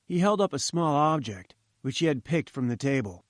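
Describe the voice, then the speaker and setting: Dry, measured male storyteller. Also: on the high side, very animated, no echo. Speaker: narrator. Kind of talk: audiobook narration.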